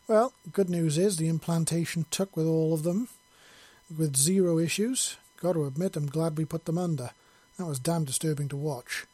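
A man voicing a calm, confident doctor with a gravelly voice in a storybook reading. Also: fairly high pitch, moderate pace, no echo, natural voice. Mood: relieved. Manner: soothing, playful.

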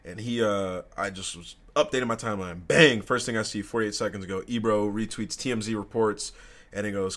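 Young male co-host, low voice, loose profane storyteller, casual podcast chat. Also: fairly quick, fairly bright tone.

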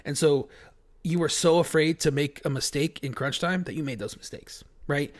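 A man's voice: fairly high pitch, moderate pace. A man co-hosting a casual sports chat who rambles and repeats his words. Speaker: podcast co-host.

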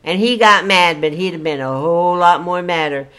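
A woman's voice: on the low side, normal speed, fairly bright tone. Folksy older woman telling stories. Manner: folksy, chatty, exclamatory. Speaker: storyteller guest. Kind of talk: casual storytelling.

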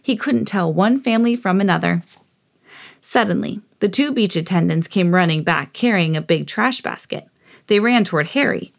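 A woman hosting a podcast, reading a children's picture book aloud in an expressive storytelling voice. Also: normal speed, gravelly. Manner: expressive, jumps high for quoted characters. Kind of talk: read-aloud storybook narration.

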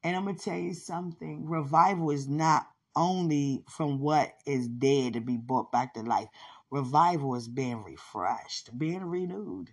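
A woman's voice: deep voice, measured pace, a little mellow, husky. A woman hosting a spiritual podcast, talking fervently to her listener and breaking into frequent laughter and exclamations. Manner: laughs often, exclaims and testifies with rising fervor. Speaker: podcast host.

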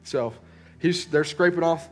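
With faint music behind him, a young man preaches a casual sermon at a measured pace, his voice on the high side. This youth preacher tells a story conversationally, full of fillers and restarts, and acts out characters in quoted speech.

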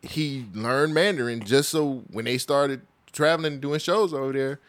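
A man's voice: mid-range voice, moderate pace. A man co-hosting a podcast, chatting casually, joking and swearing freely. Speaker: podcast co-host. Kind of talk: casual chat.

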